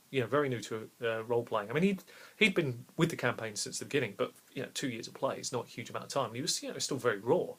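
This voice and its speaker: A man's voice: mid-range voice, fairly bright tone. Guy rambling happily about an old tabletop game he ran. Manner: rambling with restarts, enthusiastic. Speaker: game master. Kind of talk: casual storytelling to camera.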